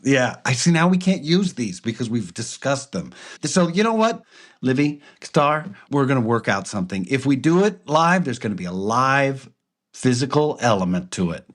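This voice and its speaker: Animated laughing male podcast co-host. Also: medium pitch, moderate pace. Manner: animated, laughs often, theatrical. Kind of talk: casual chat.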